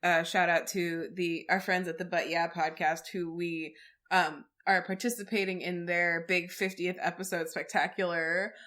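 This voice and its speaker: A woman's voice: lowish voice, little pitch movement, normal speed, fairly bright tone. Sniffly woman podcast co-host. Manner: laughing, reads plugs. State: sniffly with a cold. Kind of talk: casual chat.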